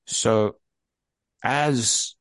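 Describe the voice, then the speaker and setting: A man's voice: mid-range voice, very slow, dry recording. An older man hosting a casual podcast, rambling and poking fun at himself. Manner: self-mocking, jokey, rambling. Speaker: podcast host.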